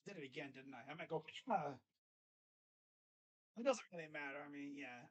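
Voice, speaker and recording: A fan streamer calling a basketball game live, play-by-play style, mixing excited calls with sarcastic jokes and quiet mutters. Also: medium pitch, moderate pace. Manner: joking, sarcastic asides. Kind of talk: casual live play-by-play reaction.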